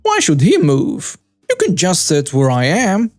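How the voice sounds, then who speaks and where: A man's voice: high-pitched, huge pitch swings, unhurried, creaky, a little mellow, no room sound, faint music behind, voice pushed up, full character voice. A male narrator voicing a demanding, entitled mother in a spoken story. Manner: demanding, insistent.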